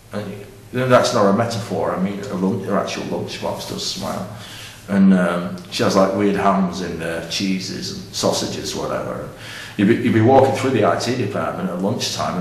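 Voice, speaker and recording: A middle-aged man with a deep, low voice, rambling bluntly in a deadpan comic monologue. He sounds set back from the mic in a very echoey room, with faint ambient noise behind. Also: recorded from a distance.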